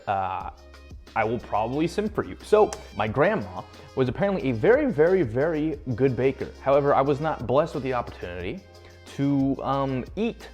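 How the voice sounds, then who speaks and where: In his home kitchen, a young man hosts a casual cooking vlog, rambling and making self-mocking jokes while he works. His voice sits at a medium pitch.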